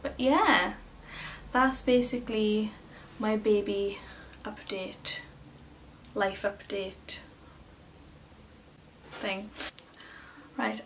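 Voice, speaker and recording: A young woman with a fairly high voice and vocal fry talks casually to the camera in her small, cluttered room at home. A chatty vlogger, she uses many fillers while retelling what people said. The audio is a little distant, with faint room noise.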